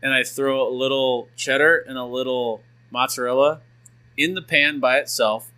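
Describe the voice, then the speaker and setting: Bright-voiced man telling animated stories. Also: mid-range voice, normal speed, clean tone. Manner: animated storyteller, acts out quotes. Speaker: podcast co-host. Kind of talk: casual chat.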